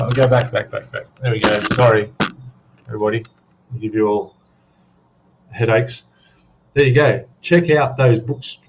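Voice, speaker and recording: Australian male stream host, mid-pitched, casual and rambling, dull lo-fi audio. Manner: rambling, chatty, tags questions with "eh?". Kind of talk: casual chat to a live audience.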